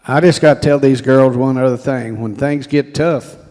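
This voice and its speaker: A man's voice: mid-range voice, steady tone, normal speed, a little mellow. Proud older grandfather in a hall. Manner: proud, affectionate. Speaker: grandfather of the graduates. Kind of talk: proud family speech. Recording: long hall reverb.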